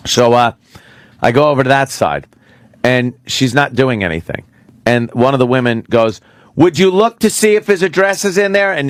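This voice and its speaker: A man's voice: mid-range voice, a bit bright, no echo, studio quality. A middle-aged man hosting a radio talk show, telling a rambling, profane story with many restarts.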